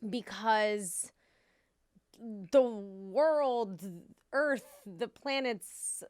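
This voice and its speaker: A woman's voice: a little high, very slow, a little mellow, smooth, dry recording, clean studio sound. A woman hosting a podcast in casual chat, sincere and chatty, with many "like" fillers. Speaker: podcast host.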